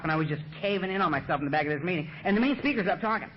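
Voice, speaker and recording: Standing at the front of a meeting room, a man at a recovery meeting tells his own story with humor, loose and animated, peppering it with "you know" and "man" and laughing at himself. His voice is high and quick, picked up by a podium mic in a dull, lo-fi recording.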